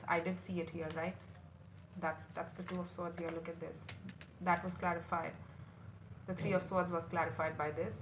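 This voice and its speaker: Here a woman lays out a tarot reading for her viewers in a fairly low, fairly bright voice. She is earnest and emotional and keeps calling the listener honey. Faint room noise and a roomy echo are audible.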